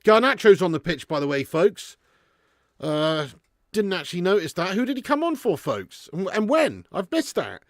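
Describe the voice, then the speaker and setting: An excitable man commentating live on a football match to his stream audience, chatty and laddish, with frequent swearing. His voice sits fairly high for a man and has a dry sound with little room echo. When the game turns against his side he breaks into loud shouting. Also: normal speed. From England. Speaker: host of a football watch-along stream. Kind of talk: live football watch-along commentary and chat.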